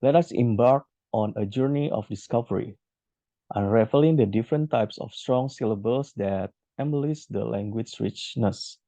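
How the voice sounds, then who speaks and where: A man's voice: medium pitch, moderate pace, mellow, no echo. A man presenting to a class, reading an ornate prepared text. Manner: reads flowery prepared text. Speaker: student presenter.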